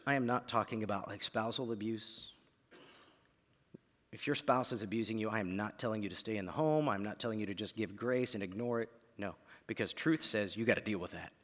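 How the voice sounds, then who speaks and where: A man in his thirties preaching a sermon, dropping to quiet lines and then building to shouts. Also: on the low side. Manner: dramatic, swings from quiet to shouting. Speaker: pastor. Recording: long reverb of a large hall.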